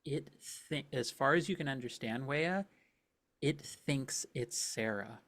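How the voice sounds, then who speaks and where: Male game master narrating a tabletop scene, restarts often, mid-pitch voice. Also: unhurried, fairly bright tone. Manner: describing scenes with frequent restarts.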